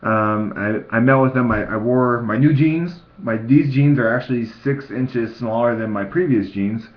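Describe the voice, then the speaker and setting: A man's voice: medium pitch, moderate pace, lo-fi sound. A young man talking casually in a video diary, rambling and restarting his sentences. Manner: rambling, repeats words and restarts. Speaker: fitness vlogger. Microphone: computer mic.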